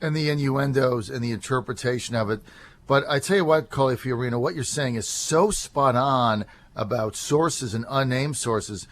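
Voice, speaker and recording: A man's voice: medium pitch, normal speed, slight background noise. A man hosting a talk radio show, talking in a rambling, conversational way with many fillers.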